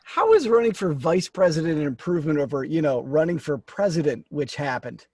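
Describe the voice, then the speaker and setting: A man's voice: a little high, very animated, brisk, a little mellow, dry recording, clean studio sound. A man co-hosting a comedy podcast, dropping wry joking asides between his co-host's rants. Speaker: podcast co-host. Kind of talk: casual comedic podcast banter.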